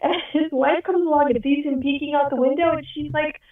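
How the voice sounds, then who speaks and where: A woman telling lively anecdotes in a casual group chat. Her voice comes through thin and phone-like. There is heavy echo, and she sounds set back from the mic. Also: high-pitched, a little fast, recorded from a distance. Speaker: voice actor in a group meeting. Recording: tinny phone-like line, echoey.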